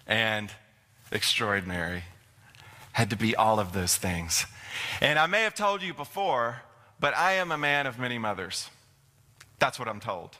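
A man's voice: medium pitch, bright, forceful tone. A middle-aged man giving a folksy, storytelling sermon as a minister in a church. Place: church sanctuary. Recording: long hall reverb.

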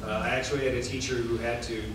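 A man's voice: mid-range voice, little pitch movement, fast talker. A middle-aged man, an author, answering panel questions in a casual, rambling way with many filler restarts. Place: large convention hall. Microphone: recorded from the audience. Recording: echoey hall, far off, noisy.

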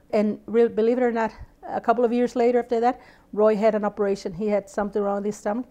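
Mellow woman in her sixties telling family stories. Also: a little high, fast talker. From South Texas. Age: 60s. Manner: animated storyteller who acts out dialogue. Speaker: interviewee. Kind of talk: oral history storytelling.

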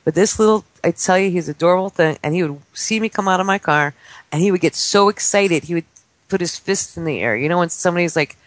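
A man in his forties, a guest on a talk radio show, telling stories excitedly and acting out the voices of children. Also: sits high, fast, no echo. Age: 40s. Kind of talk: casual talk-radio chat. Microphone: studio microphone.

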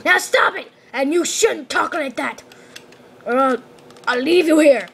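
A woman's voice: sits high, measured pace, a bit bright, slight background noise, voice pushed up. A woman voicing a bossy, cruel father in a game, scolding and mocking his son.

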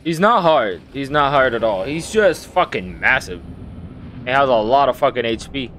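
A young man giving loud, profane, excitable commentary while playing a video game. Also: mid-range voice, moderate pace, a little hiss or hum. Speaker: gaming streamer. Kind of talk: casual gameplay commentary.

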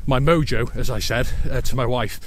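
A man's voice: mid-range voice, normal speed. A man from Wales talking to camera outdoors as a photography vlogger, chatty and self-deprecating, thinking aloud about his shots. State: out of breath while climbing. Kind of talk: casual vlog talk to camera. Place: outdoors on a windy Welsh hillside. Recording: wind and loud outdoor noise on the mic.

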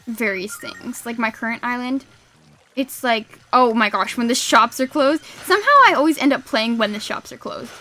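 A young woman chatting casually while streaming a game, excitable and quick to laugh, with sudden shrieks at the game. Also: on the high side, slight background noise. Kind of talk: casual gaming stream chat.

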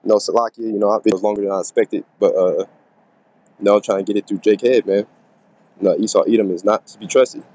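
A man preaching informally into his phone, reading scripture slowly and haltingly, then riffing in a rough, profane way that fills every pause with "man" and "you know". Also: lowish voice, steady tone, mellow, muffled recording. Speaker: street preacher. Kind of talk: informal scripture teaching monologue.

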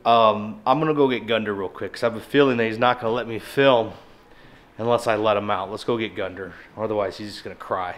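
His voice is on the low side and fairly even, and he talks quickly, with a bit of background noise behind him. He's a Nebraska man running a small family farm, chatting in a homey way through a casual vlog that moves from the farmyard into a torn-up house.

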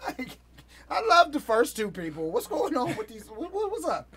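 Lively high-voiced man reacting. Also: moderate pace, breathy edge. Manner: laughing, apologetic, talks over the clip. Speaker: reaction video host. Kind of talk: casual reaction commentary.

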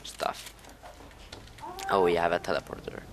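A man casually commentating his own gameplay, muttering low asides and then yelping in panic, his voice a little low from being sick. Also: flat delivery, a little slow, dry recording. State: slightly sick, voice a bit low. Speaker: gamer.

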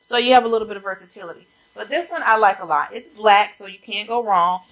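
A woman with a mid-range, fairly bright voice talks fast on poor audio. She's a fashion vlogger in a try-on haul about coats, chatting casually and calling viewers "y'all," a little out of breath, recorded on a camera mic facing a ring light.

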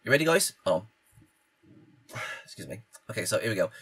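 A man with a cold reacting to anime clips in a casual vlog, excitable and stumbling over his words. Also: on the low side, brisk, husky. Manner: stammering, excitable, restarts often. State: congested from a cold.

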